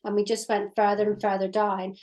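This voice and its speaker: A woman's voice: mid-range voice, level tone, a little fast, a little mellow. A woman in her fifties co-hosting a casual chat as a mindset coach over a video call, talking in a reflective, hesitant way. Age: 50s. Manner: reflective, hesitant, with fillers and restarts.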